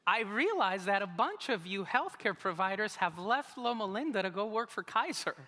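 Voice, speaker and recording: A man's voice: high voice, very animated, normal speed, bright, forceful tone. A man preaching a sermon as pastor, telling a personal story with humorous, self-mocking asides. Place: church sanctuary. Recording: reverberant church hall.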